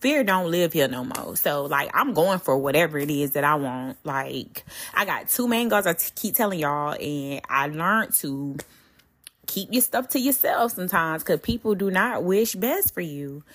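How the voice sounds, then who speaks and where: A young adult woman hosting her own podcast. She talks candidly in slang, curses often and speaks straight to her listeners. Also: medium pitch. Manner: candid, slangy and animated, with frequent cursing. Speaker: podcast host. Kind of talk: casual solo podcast talk.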